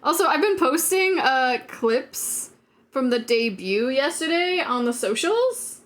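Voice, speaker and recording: A high-pitched woman chatting on her live stream, unhurried in her delivery. She rambles, giggles often and leans on filler words as she reacts to chat. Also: big pitch swings, a bit bright.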